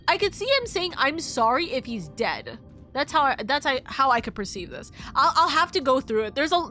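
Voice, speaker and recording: A woman's voice: sits high, sharp tone. A young woman streaming a story game, gushing and emotional as she talks, rambling through restarts. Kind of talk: casual live-stream commentary.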